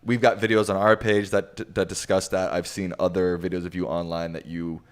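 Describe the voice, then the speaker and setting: A man hosting a casual livestream, relaxed and reading viewer questions aloud to his guest. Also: low-pitched, normal speed, smooth. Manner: casual, relaxed, with frequent fillers.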